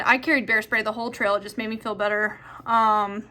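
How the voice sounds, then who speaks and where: A woman's voice: mid-range voice, flat delivery, fairly quick, bright, forceful tone. A young woman answering viewer questions in a chatty, rambling way with lots of fillers. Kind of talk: casual chat.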